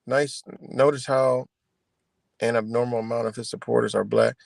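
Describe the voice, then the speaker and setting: A man's voice: mid-range voice, steady tone, moderate pace, vocal fry, no room sound. Profane, heated man ranting live. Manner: profane, confrontational, repetitive. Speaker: livestream host. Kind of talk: heated livestream rant.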